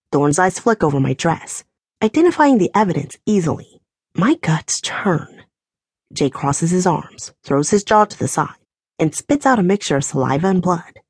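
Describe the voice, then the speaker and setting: A woman narrating a first-person romance audiobook with an emotional, animated reading. Her low, breathy voice rises and falls widely in pitch. Close, dry recording with no room sound. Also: moderate pace, no room sound.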